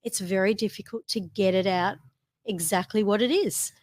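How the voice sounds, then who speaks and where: A woman's voice: medium pitch, moderate pace, darkish tone, no room sound. A woman, a regular guest co-host in a casual podcast chat, agreeable and teasing.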